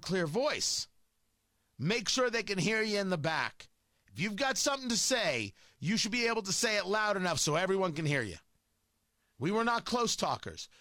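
Loud, combative male talk host. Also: high-pitched, no echo, studio quality. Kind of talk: opinion monologue.

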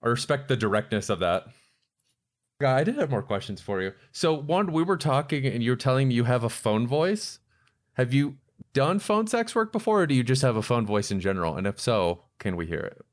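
A man co-hosting a podcast, asking curious questions and telling stories in an animated way. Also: mid-range voice, fairly quick. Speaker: podcast host. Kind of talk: casual chat.

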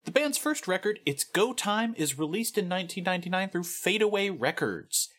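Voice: mid-range voice, big pitch swings, normal speed, a bit bright. A podcast co-host in casual chat, telling band history with dry, sarcastic asides. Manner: dry sarcastic asides, laughs at own jokes.

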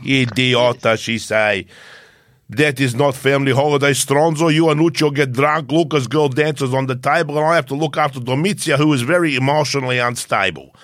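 A man's voice: medium pitch, normal speed, fairly bright tone, no room sound, studio quality, close to an everyday voice. A man doing a comic impression of a scheming older Italian racing team boss, with a put-on Italian accent and broken English.

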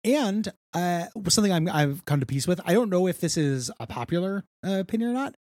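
A man's voice: high-pitched, lively intonation, a little fast, darkish tone, dry recording, clean studio sound. A man in his forties co-hosting a podcast in casual chat, joking, profane and self-deprecating. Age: 40s. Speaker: podcast co-host.

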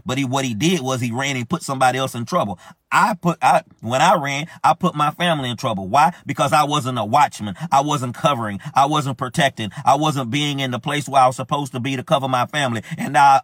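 A man's voice: medium pitch, fairly bright tone, no echo, clean studio sound. A man preaching a sermon, urging listeners with impassioned, repetitive exhortation.

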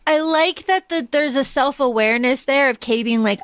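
A woman's voice: high voice, fairly quick, fairly bright tone, dry recording. Chatty woman podcast co-host. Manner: chatty, recaps scenes and quotes lines. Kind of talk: casual chat about a movie.

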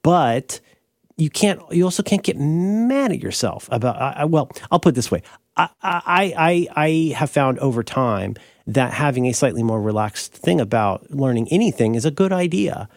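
A man's voice: normal speed, no echo, studio quality. A man co-hosting a podcast in casual chat, rambling and correcting himself as he explains an idea. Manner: rambling, self-correcting, animated pitch jumps. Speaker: podcast co-host.

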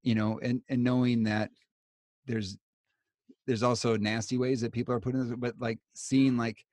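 A man's voice: mid-range voice, flat delivery, moderate pace, darkish tone, no room sound. Rambling, reflective man hosting a podcast. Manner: rambling, reflective, self-deprecating. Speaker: podcast host. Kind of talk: casual conversation.

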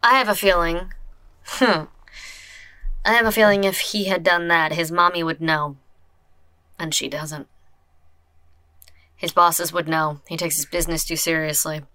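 A woman voicing a calm, guarded female fixer who speaks low, hushed and deliberate in a tabletop game. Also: no room sound. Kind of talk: tabletop role-play voice.

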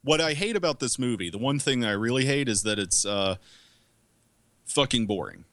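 A man's voice: medium pitch, expressive, moderate pace, a bit bright, no echo. A man co-hosting a movie podcast, giving blunt, profane opinions in casual chat. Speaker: podcast co-host.

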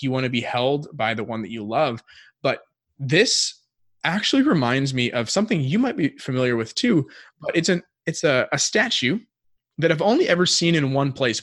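A man's voice: mid-range voice, fairly bright tone, no room sound. A man co-hosting a casual faith podcast, thinking aloud in a reflective way with frequent fillers. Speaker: podcast co-host.

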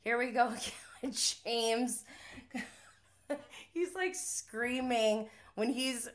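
A woman's voice: fairly high pitch, fairly even intonation, slow pace. A young woman hosting a live stream, chatting casually through a TV episode recap, laughing and using many fillers. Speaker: recap host.

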